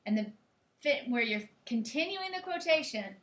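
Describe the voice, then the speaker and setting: A woman's voice: high voice, animated, moderate pace. A woman teacher giving a grammar lecture in a classroom, explaining step by step and checking in with her students. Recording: echoey classroom.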